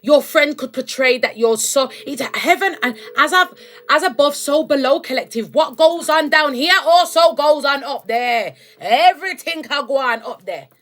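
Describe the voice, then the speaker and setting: A young woman, her voice sitting a little high, talks straight to her viewers in a loose spiritual rant. She is chatty and emphatic and keeps calling them babes. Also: lively intonation, moderate pace, a bit bright. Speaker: spiritual content creator. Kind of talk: casual spiritual rant to camera.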